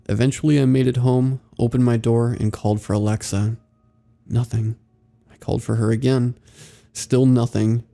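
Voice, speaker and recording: A man narrating first-person horror stories in a steady, grave, scripted storytelling manner. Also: fairly low pitch, gravelly.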